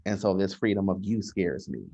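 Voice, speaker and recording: A man, a social worker, talking in a casual podcast conversation, measured and often restarting his sentences. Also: low-pitched, expressive, mellow. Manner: measured, frequent restarts and hesitations. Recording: dull lo-fi sound.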